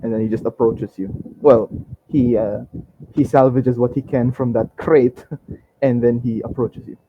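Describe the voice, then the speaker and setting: A man's voice: mid-range voice, fairly even intonation, a little slow, dull audio, a little hiss or hum. A man narrating a tabletop game as game master, rambling with many restarts and fillers.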